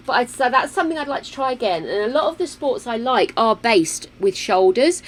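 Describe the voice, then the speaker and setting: A woman, chatting casually while streaming a game at home, playful and full of exclamations. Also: medium pitch. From United Kingdom. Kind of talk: casual gameplay chat. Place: home room with a fan running.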